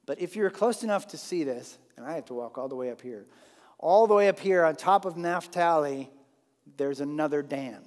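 Lively, animated male Bible teacher. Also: a little high, moderate pace. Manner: animated, conversational, with frequent restarts. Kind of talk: Bible lesson. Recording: long hall reverb.

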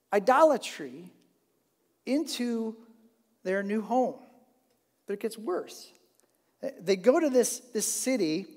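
A man teaching a Bible lesson in an animated, conversational way with frequent restarts. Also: sits high. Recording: long hall reverb.

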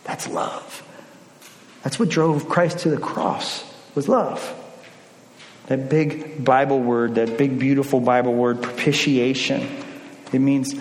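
A man preaching a sermon, swinging between emphatic lines and hushed ones. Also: mid-range voice, steady tone, a little slow, a little hiss or hum. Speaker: pastor. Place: church sanctuary. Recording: long church reverb.

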